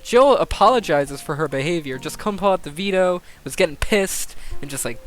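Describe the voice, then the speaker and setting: A young man commentating a game simulation on a live stream, excitable, swearing and thinking aloud. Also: a little high, normal speed, faint music behind.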